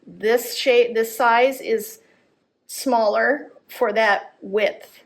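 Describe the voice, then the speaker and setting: A woman's voice: fairly high pitch, steady tone, extremely slow. A woman teaching art, giving a live drawing demonstration at a gallery workshop and thinking aloud as she corrects her lines. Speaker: art instructor.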